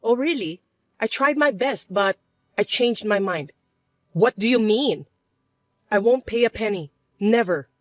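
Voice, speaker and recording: A woman's voice: mid-range voice, animated, a little slow, long pauses, no echo, clean studio sound, natural voice. A woman voicing a hurt, hardworking young adult daughter in a synthetic story narration, speaking plainly and defensively.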